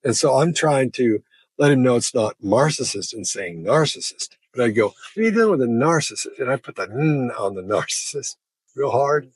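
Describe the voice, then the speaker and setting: A man's voice: mid-range voice, lively intonation, normal speed, husky, dry recording. A man casually telling stories about odd behavior, laughing as he goes. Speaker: body language expert. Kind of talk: casual storytelling.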